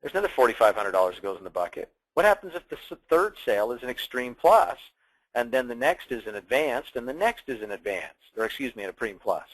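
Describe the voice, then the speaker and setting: A man's voice: mid-range voice, very animated, fast talker, low-quality recording. A man presenting a sales training, upbeat and emphatic like a salesman.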